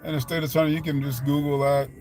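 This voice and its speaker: A man's voice: on the high side, level tone, fast talker. A man with a Texan accent chatting casually on a live stream, answering viewers in an earnest, rambling way and repeating himself. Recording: heavy vehicle and traffic noise.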